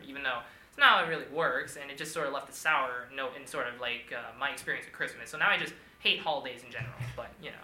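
A young man chatting with friends, his words tumbling out quickly and loaded with fillers. His voice is very bright and sits in a roomy, echoing space with a faint hiss behind it. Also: mid-range voice. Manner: rambling storytelling with many fillers. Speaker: friend in group chat. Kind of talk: casual chat. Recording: echoey room, faint noise.

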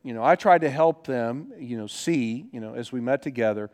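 A man's voice: medium pitch, normal speed, darkish tone. A middle-aged man preaching a sermon as a pastor, telling personal stories in an earnest, conversational way with frequent restarts.

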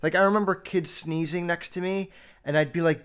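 Profane, animated young man. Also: smooth. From United States. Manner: profane, animated storytelling with quick jumps in pitch and loudness. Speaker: podcast host. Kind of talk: casual solo podcast monologue.

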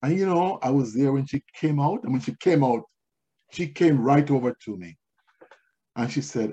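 Husky-voiced man preaching a sermon. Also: medium pitch, expressive, normal speed, mellow, dull audio. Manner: repeats key phrases for emphasis; tells personal stories to make points. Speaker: pastor.

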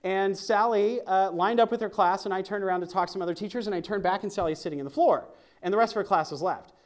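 Guy preaching at church, kinda high voice, casual jokey sermon with scripture reading. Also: quick pace. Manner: conversational and joking, reads scripture aloud.

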